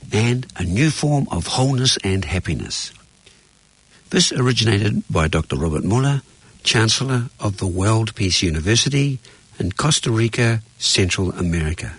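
A man reading an inspirational passage and a station promo in a slow, emphatic, declamatory way. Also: on the low side, breathy edge, dry recording. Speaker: radio station announcer.

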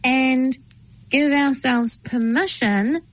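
A woman's voice: sits high, slow pace, no echo, faint music behind. A woman co-hosting a podcast in a studio, talking in an effusive, encouraging way. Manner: effusive and encouraging, with many affirming murmurs. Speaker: podcast co-host. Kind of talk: casual podcast chat.

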